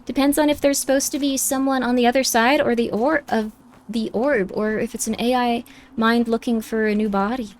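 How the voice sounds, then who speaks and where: A woman's voice: on the high side, fairly even intonation, brisk, slight background noise. Rambling woman streamer, lots of likes. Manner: rambling, heavy use of 'like'. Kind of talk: casual gaming livestream chat. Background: faint game music.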